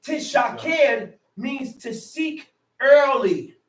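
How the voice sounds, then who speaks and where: A high-pitched man preaching a fiery sermon, swinging from shouted bursts into slow, careful definitions. His casual street speech keeps breaking through. He sounds far from the mic in an echoey worship hall. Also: lively intonation.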